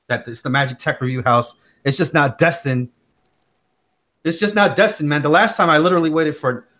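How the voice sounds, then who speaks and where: Guy hosting a tech stream, bright punchy voice, slangy, lots of "you know what I'm saying". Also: a little high. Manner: animated storyteller, slangy, many fillers. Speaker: tech channel host. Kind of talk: casual livestream chat.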